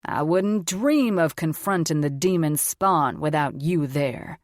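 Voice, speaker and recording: A woman's voice: deep voice, animated, slow, dry recording, studio quality. A woman voicing a proud, wry male wolf shifter in an audiobook. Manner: wry, sarcastic.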